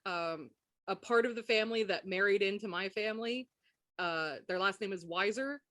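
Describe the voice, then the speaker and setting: A woman's voice: mid-range voice, normal speed, fairly bright tone, no echo, clean studio sound. A young woman from the American South, a podcast guest who tells jokes in casual chat. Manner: joking, laughing storyteller.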